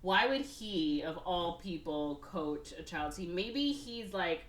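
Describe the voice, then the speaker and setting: A woman's voice: fairly low pitch, lively intonation, slow pace, echoey room, a little hiss or hum. A woman with a Chicago accent hosting a podcast in casual chat, rambling and laughing often. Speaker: podcast host.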